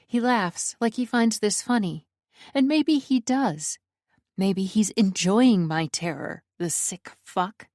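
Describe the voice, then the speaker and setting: Slow-reading woman audiobook narrator. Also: medium pitch, animated, a little mellow, no echo, clean studio sound. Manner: fearful, breathless inner voice. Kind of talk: first-person romance narration.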